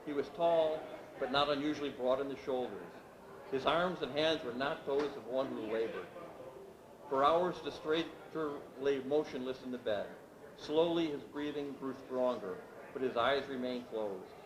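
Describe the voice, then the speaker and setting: A man reading his novel aloud at a literary event, with steady, measured narration. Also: medium pitch, crowd noise. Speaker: author reading his work. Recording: echoey room with background noise.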